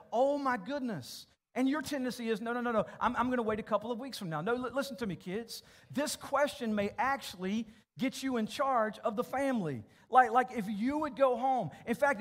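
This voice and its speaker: A pastor preaching a sermon to his church congregation, emphatic and direct, often repeating words as he addresses families. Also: extremely high pitch. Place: church auditorium.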